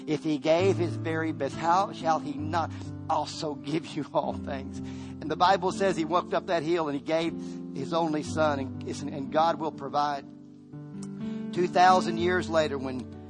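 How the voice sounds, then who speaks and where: Man, pastor, sermon in a church, shouts then hushes, slightly high voice, guitar music behind. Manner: rises to shouting peaks, then drops low and hushed. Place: church sanctuary.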